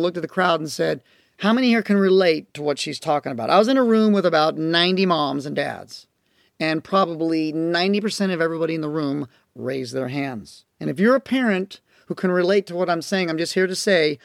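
A man's voice: a little high, gravelly, dry recording, clean studio sound. A man speaking about parenting, telling stories earnestly and with emphasis, and acting out the parents and children in them. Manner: acts out quoted parents and children in his stories; earnest, emphatic, slows down on key points. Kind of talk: storytelling talk to a listener.

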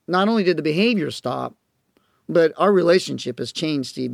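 Male parenting coach, raised pitch, gravelly texture, dry studio read, storyteller. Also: no echo. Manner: storytelling, acts out parent and child voices. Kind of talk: audio course lecture.

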